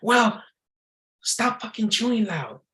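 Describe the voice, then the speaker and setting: A man putting on the voice of an irritated girlfriend, high and snappy as she complains. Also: very animated, takes it slowly, sharp tone, full character voice.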